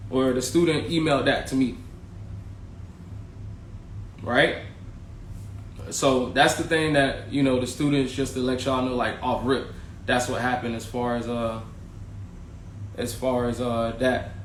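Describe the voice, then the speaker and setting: A man's voice: medium pitch, slight background noise. Slangy, candid man telling a story. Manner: candid, slangy, swears freely, addresses viewers as y'all. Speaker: podcast host, former teacher. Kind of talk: casual storytelling to camera. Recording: echoey room with faint ambience.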